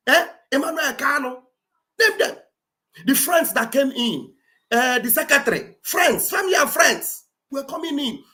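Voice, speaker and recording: Igbo-accented nigerian woman ranting on a livestream, bright sharp voice, keeps going "eh?". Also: sits high. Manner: fiery and rhetorical, rising to shouts, keeps asking "eh?". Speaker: livestream host. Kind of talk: impassioned political commentary.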